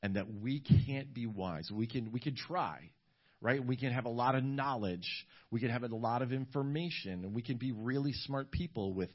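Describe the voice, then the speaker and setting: A man preaching a sermon as a pastor, talking conversationally with many restarts and growing animated when he tells a story. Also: mid-range voice, moderate pace, dull audio. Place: church service in a community center.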